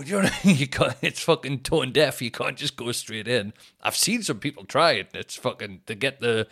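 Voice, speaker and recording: A man, a comedian and podcast host telling stories in a rambling, sweary, animated way. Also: lowish voice. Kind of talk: casual storytelling chat.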